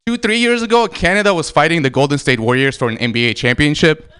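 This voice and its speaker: A man's voice: a little high, fast, fairly bright tone, clear, resonant tone. A man from Armenia doing a stand-up set, delivering his punchlines in a punchy, emphatic way. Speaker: stand-up comedian.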